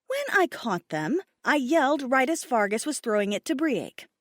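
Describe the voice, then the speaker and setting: Woman doing an angry high-strung dragon queen, swoopy and loud, dry mic. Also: very animated, moderate pace, no echo. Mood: furious. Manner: sharp, indignant, raised voice. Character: furious proud female dragon queen.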